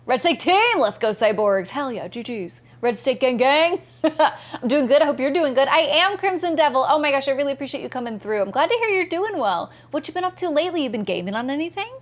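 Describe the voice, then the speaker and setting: Speaking fast in a high voice with big swings in pitch, this Southeastern American woman chats with viewers during a game stream. She's bubbly and enthusiastic, reading chat messages aloud and responding to them.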